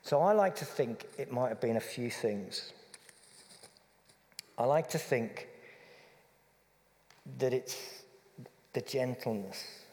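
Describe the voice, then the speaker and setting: A man preaching a reflective, conversational sermon that softens to a gentle hush. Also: mid-range voice, animated, slow pace, pauses often, in a large hall.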